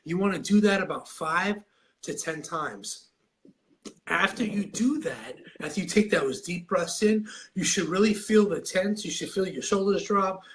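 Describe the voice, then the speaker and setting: A man's voice: high voice, measured pace. A man fighting a cold, a little nasal, coaching on anxiety in a live video and talking in a rambling, repetitive way with many restarts. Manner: rambling, repeats and restarts a lot; demonstrates breathing while talking.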